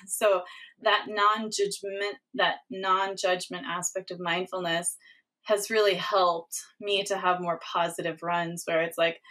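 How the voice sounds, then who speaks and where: A woman hosting a podcast interview who talks in a casual, animated way, laughs often, and acts out her own inner thoughts. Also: fairly low pitch, slow. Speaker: podcast host, doctor.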